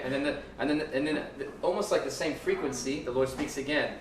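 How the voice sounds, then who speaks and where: A man's voice: medium pitch, fast talker. Casting: male ministry teacher, rambling talk full of restarts, heard from a distance in an echoey room with faint noise. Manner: rambling with many restarts and fillers, joking with the audience. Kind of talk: informal teaching to a live class.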